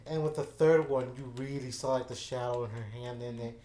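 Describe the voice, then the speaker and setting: A man hosting a gaming channel chats casually through a rambling story, filling it with fillers and frequent restarts. He speaks briskly in a mid-range voice, with fairly even intonation and a dark tone. Echo rings around him, along with slight background noise.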